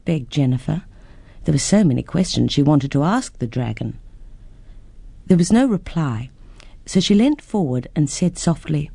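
A woman reading a children's story aloud with lively expression. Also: deep voice, normal speed, gravelly, husky, dry recording.

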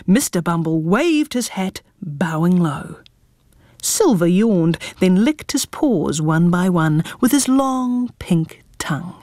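A woman reading a children's storybook aloud, lively and expressive. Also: fairly low pitch, dry recording, clean studio sound.

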